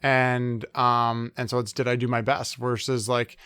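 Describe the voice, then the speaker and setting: A man's voice: mid-range voice, level tone, a little slow, a bit bright, smooth, no room sound. A man in his thirties, a sport psychologist in a conversational interview, talking with many fillers and acting out quoted complaints.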